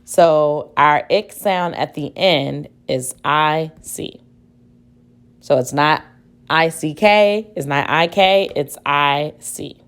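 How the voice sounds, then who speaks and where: Slow-spoken woman teacher spelling words. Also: sits low. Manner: slow, deliberate, spells out letters and repeats words. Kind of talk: spelling dictation lesson.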